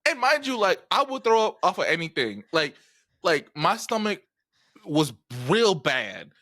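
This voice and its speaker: A man in his twenties telling a story in casual podcast chat, animated and profane as he acts out the people he quotes. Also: a little high, a little slow. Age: 20s. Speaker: podcast co-host.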